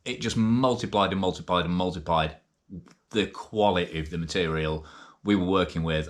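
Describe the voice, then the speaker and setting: A man, chatting in a casual vlog and reading out passages from a book, with lots of fillers and lively asides. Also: on the low side. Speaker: vlogger and co-author reading from a book.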